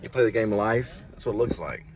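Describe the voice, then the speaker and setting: A man's voice: on the low side, lively intonation, fairly quick, a little mellow. A man chatting casually while driving with his wife, rambling and joking as he goes. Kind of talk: casual chat in a car. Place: inside a moving car. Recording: noisy car recording.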